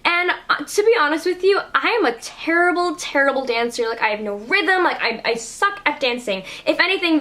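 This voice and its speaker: High-voiced young woman gushing excitedly. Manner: gushing, excited, constant "like" fillers. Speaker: vlogger. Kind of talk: casual storytelling vlog.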